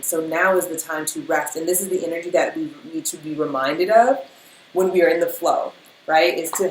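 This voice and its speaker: Woman, spiritual reader, casual and emotional motivational talk; echoey room with faint noise. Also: on the low side. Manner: emotional, animated, speaks in rhythm with many fillers.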